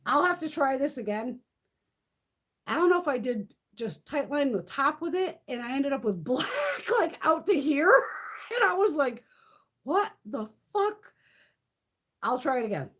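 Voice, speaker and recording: A woman's voice: sits high, very animated, normal speed, fairly bright tone. A middle-aged woman chatting casually on a live stream from home, swearing freely and cooing at her cats. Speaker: beauty vlogger.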